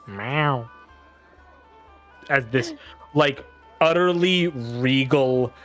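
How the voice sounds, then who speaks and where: A man's voice: mid-range voice, fairly bright tone. A man narrating as game master of a tabletop game, chatty with many fillers.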